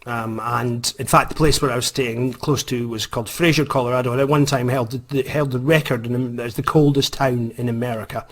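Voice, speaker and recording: A man's voice: medium pitch, steady tone, fairly quick, hardly any pauses, a bit bright. A Scottish man, an author, tells a story in a rambling, self-mocking way, hesitating with many ums. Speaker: author, vlogger. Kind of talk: casual storytelling.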